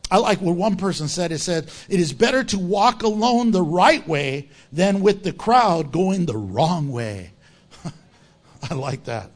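A male pastor preaching a sermon, reading scripture aloud and acting out crowd voices in an animated way. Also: fairly high pitch.

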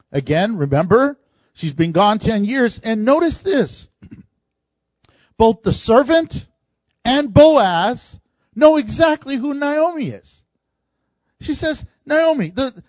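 A man's voice: high voice, darkish tone, no room sound. A man preaching a sermon in a conversational way, chuckling now and then as he explains scripture to his congregation. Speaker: pastor. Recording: dull lo-fi dry recording.

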